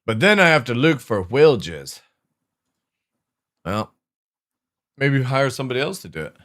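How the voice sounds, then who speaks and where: Animated, swearing man ranting on stream. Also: medium pitch, moderate pace. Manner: animated, swearing often, exasperated. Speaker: game streamer. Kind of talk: profane casual rant while streaming.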